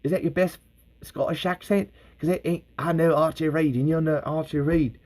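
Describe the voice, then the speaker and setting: A man voicing a brash male soldier who swears and accuses someone, his voice pitched up from his own. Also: steady tone, normal speed, a little mellow, natural voice. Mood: suspicious.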